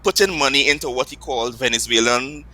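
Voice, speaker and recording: Bright-voiced Trinidadian man explaining patiently. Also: medium pitch, a little fast, rough recording. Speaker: Patois teacher. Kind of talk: explanatory interview talk.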